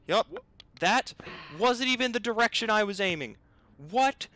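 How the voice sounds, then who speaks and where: A man's voice: high voice, measured pace, sharp tone. A young man commentating his own gameplay, exasperated and bickering aloud with the game and himself. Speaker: gaming video host.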